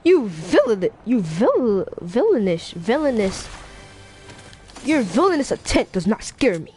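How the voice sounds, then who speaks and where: A woman's voice: fairly high pitch, big pitch swings, unhurried, dark tone, soft background music. A woman voicing a rule-bound teenage class representative who talks formally and scolds. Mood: scolding. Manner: formal, scolding, stumbles over words. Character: stiff rule-bound teen boy class rep.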